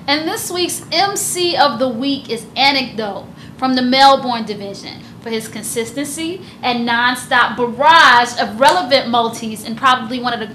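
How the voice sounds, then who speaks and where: A woman hosting a highlights show, presenting the picks in an upbeat, lively way. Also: echoey room, slight background noise. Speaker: host.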